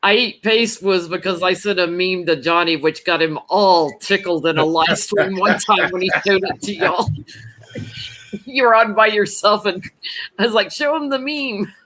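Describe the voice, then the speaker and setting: Bright-voiced chatty host. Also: medium pitch, steady tone, normal speed, a little hiss or hum. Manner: chatty, giggly. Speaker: tarot reader host. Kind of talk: casual livestream chat.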